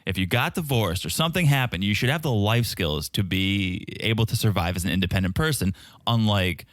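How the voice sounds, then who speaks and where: A man's voice: on the low side, a little fast, dry recording, studio quality. A man co-hosting a podcast, chatting casually and acting out what cast members said. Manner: animated, acts out cast members' lines in quotes. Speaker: podcast co-host. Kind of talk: casual recap chat.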